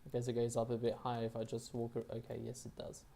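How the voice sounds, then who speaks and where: A woman's voice: extremely low pitch, completely flat delivery, fast talker, gravelly, mellow. A woman hosting a video game playthrough, chatting and reading the game's texts aloud in a self-deprecating way. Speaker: gaming channel host. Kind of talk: let's play commentary and reading aloud.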